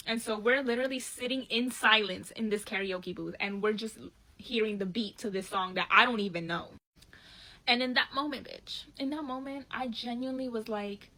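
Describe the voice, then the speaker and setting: A young woman telling a dating story in a casual vlog, animated, slangy and profane, acting out what people said. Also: fairly high pitch, normal speed, low-quality recording.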